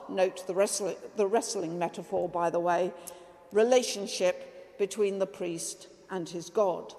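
Slow, mellow woman preaching in a church. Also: mid-range voice, big-room sound. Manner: measured, reflective delivery. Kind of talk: sermon with a read-aloud story.

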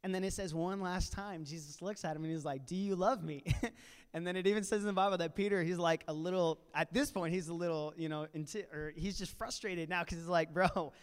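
Guy telling a bible story all animated and chatty, kinda high voice, big echoey church hall. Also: fast talker, clean tone. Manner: animated, casual retelling with playful voiced asides. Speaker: church panel speaker. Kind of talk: storytelling sermon. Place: church auditorium. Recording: long reverb of a large hall.

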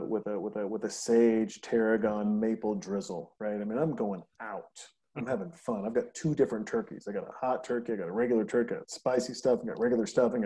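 Guy on a podcast, warm low-key tone, rambly stories, cusses a lot. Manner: rambling, animated storytelling, swears freely. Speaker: podcast host. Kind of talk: casual conversation.

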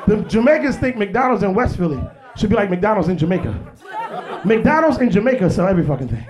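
A man's voice: high-pitched, big pitch swings, fast talker. A male stand-up comedian doing a profane, punchy set on stage. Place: stage before live audience.

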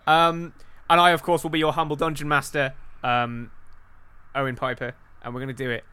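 A man's voice: mid-range voice, little pitch movement, a little fast, pushed and bright, clean tone. A man acting as dungeon master, chatting in a jokey, rambling way before starting the game. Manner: jokey, rambling, many fillers and restarts. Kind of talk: running a tabletop game.

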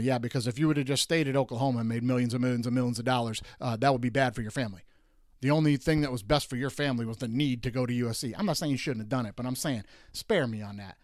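A man from Detroit hosting a sports show, ranting with exasperated emphasis and jumping up high when he mocks. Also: fast talker, a little mellow, no room sound, clean studio sound. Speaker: podcast host. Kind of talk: animated sports rant.

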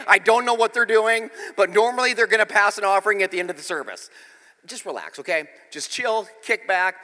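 A man's voice: high voice, brisk, in a large hall. A middle-aged man preaching, a pastor telling a funny family story and joking with his congregation. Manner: animated, exclaiming, self-mocking humor. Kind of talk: comedic storytelling sermon. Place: church.

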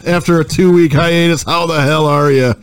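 A man's voice: on the high side, fairly even intonation, normal speed, smooth. A man hosting a casual podcast with friends, laid-back and joking as he runs the show. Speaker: podcast host.

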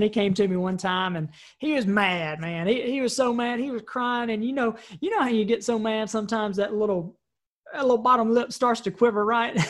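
Woman, personal development trainer, loose conversational delivery, repeats and restarts phrases. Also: mid-range voice. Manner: conversational, frequent "right?" tag questions; repeats and restarts words while thinking. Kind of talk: recorded training talk.

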